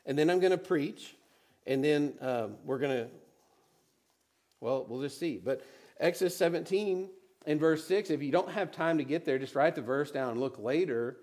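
A man preaching a sermon, reading scripture aloud and then explaining it conversationally, dropping to quiet emphasis on key words. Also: on the high side, normal speed. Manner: animated, drops to quiet emphasis. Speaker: pastor.

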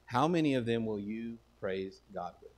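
A man's voice: medium pitch, lively intonation, normal speed. A man with a Texan accent preaching a sermon in a folksy, conversational way that swells into emphatic declarations. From Texas. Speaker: pastor.

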